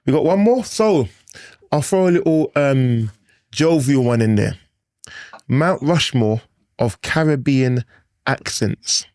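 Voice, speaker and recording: A man's voice: medium pitch, animated, slow pace, long pauses, darkish tone, no echo, studio quality. Easygoing man hosting a podcast. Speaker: podcast host. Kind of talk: casual podcast interview.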